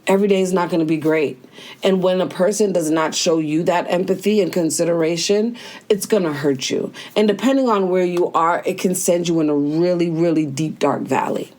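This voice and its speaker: Casual lower-voiced woman giving daily advice. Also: brisk, a little mellow. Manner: casual, conversational, slangy, talks straight to listener. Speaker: host. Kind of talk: motivational daily talk.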